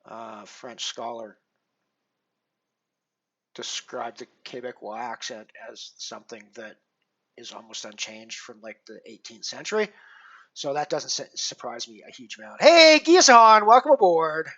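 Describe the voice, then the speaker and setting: A man's voice: medium pitch, expressive, a little slow, a bit bright, highs cut off. A man hosting a poker live stream in casual chat, rambling with many fillers and restarts and poking fun at himself. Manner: self-deprecating.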